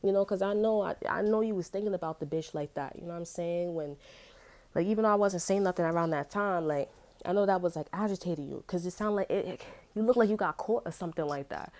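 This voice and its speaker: A woman's voice: on the low side, quick pace, a little mellow. A woman giving a casual tarot reading, telling personal stories in loose slang and laughing often. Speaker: tarot reader.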